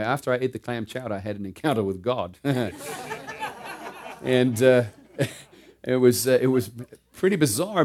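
Preaching a sermon, a middle-aged man recounts something from his own life. He alternates between forceful, booming emphasis and soft, low storytelling, laughing in the gaps.

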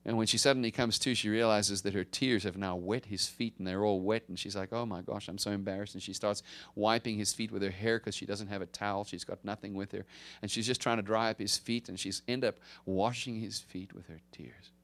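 A male pastor preaching a conversational sermon, swinging from emphatic rises to hushed drops. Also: fairly low pitch, fairly even intonation, fairly quick.

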